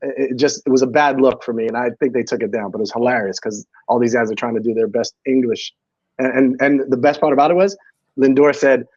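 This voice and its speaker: A man's voice: medium pitch, quick pace, a little mellow, dry recording, highs cut off. A man in his fifties, a former ballplayer turned analyst, talking baseball in easygoing chat. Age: 50s. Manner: easygoing, laughs along. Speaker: former player, sports analyst guest. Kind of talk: casual sports talk.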